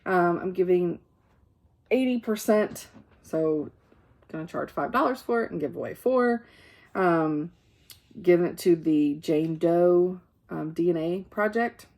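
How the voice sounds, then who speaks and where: A woman's lowish, darkish voice moves a little slowly as she chats through her in-progress cross-stitch projects. The vlogger is tired and yawning, rambling with fillers and self-corrections in a casual show-and-tell.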